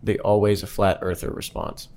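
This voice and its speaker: A man co-hosting a podcast, joking in a halting way and repeating himself. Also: lowish voice, completely flat delivery, a little mellow, slight background noise. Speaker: podcast co-host. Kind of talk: casual banter.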